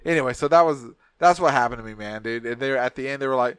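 A man's voice: mid-range voice, fast talker, hardly any pauses, smooth, no room sound. A man co-hosting a podcast, telling a story in casual, profane chat and acting out the voices of the people in it. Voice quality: profane, animated, acts out voices in anecdotes. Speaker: podcast co-host.

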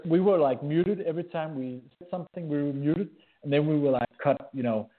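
A man with a Danish accent, a podcast guest in a relaxed, effusive casual chat, often pausing on filler words. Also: fairly high pitch. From Denmark. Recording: phone-like narrow line.

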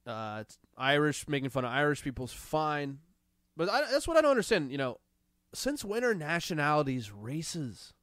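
A man hosting a live stream, reading chat and making sarcastic commentary on news clips, swinging from loud outbursts to low muttering. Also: clear, resonant tone, no echo, studio quality. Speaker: streaming show host reacting to clips and chat.

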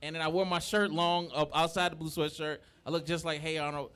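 A man's voice: on the high side, little pitch movement, fairly quick, a bit bright, clean tone. A man co-hosting a live comedy podcast, teasing his co-hosts with skeptical pushback. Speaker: podcast co-host. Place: live event on a college campus.

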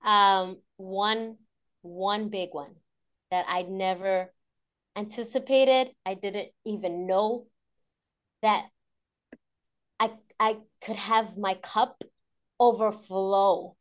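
A woman's voice: mid-range voice, steady tone, slow, pauses often, muffled recording. A woman guest on a podcast, talking reflectively and emotionally about teaching mindfulness to children, laughing often. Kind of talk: conversational interview.

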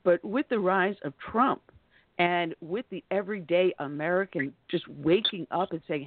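A woman hosting a talk radio show, hoarse from losing her voice, chatty and clearing her throat often. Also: on the low side, animated, moderate pace, phone-quality sound, a little hiss or hum.

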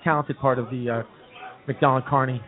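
A man's voice: medium pitch, fairly even intonation. A man hosting a casual live talk show in a pub, stumbling over his words with lots of uh and restarts. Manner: halting, full of uh and restarts. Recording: tinny phone-like sound.

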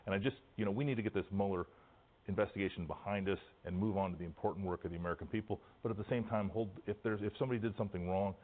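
Man in news interview, low voice, quick talk, restarts phrases, thin phone-like sound. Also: steady tone. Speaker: interview guest, former official. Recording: thin phone-like broadcast clip.

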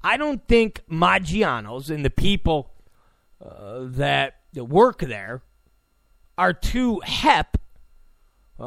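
A man with a gravelly voice hosts a talk show, ranting in disbelief with heavy sarcasm. His pitch swings widely as he repeats his points and bursts into shouts. The recording is close and dry. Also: no echo. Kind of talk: ranting commentary. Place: Los Angeles.

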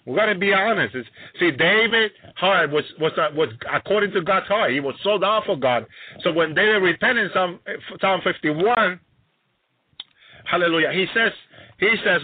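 A man preaches with emphatic, repeating phrases and frequent hallelujahs. His voice sits a little high and sounds dry and tinny, like a phone line. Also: dry recording. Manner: emphatic, repetitive, exclaiming hallelujah. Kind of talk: sermon.

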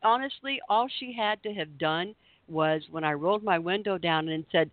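A woman's voice: on the low side, normal speed, dry recording. A woman co-host tells a story on a casual talk show, voicing each quote with relish. Her voice comes through a narrow, phone-like band with a dry sound. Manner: animated storyteller acting out quotes. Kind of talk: casual radio chat.

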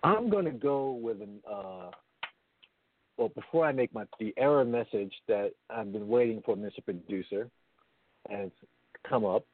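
This podcast co-host has a fairly low voice with lively intonation and a slightly slow pace. He explains earnestly with lots of repeated phrases on a casual recovery talk show, coming through a phone line rather than his headset.

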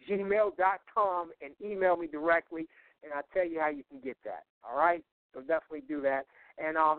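A man's voice: fairly high pitch, no room sound. A man co-hosting a talk radio show, rambling through plugs with lots of fillers, chuckles and restarts. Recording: tinny phone-line sound.

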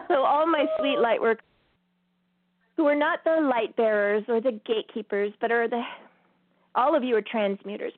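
A woman's voice: on the high side, dry recording. A woman hosting a spiritual talk show, telling a story in a casual way and laughing often as she talks. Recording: tinny phone-line sound.

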